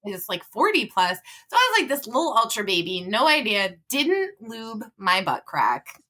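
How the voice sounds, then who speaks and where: Here a young woman in her twenties, her voice slightly high and her pace moderate, tells a funny story as a podcast guest. The chat is casual, and she stays animated, laughing frequently and performing the quotes.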